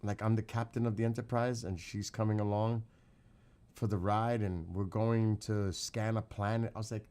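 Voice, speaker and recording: Casual streamer guy, fairly low voice, swears a lot, loose chatty storytelling. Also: level tone, moderate pace, darkish tone, clear, resonant tone. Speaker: livestream host. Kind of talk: casual livestream chat.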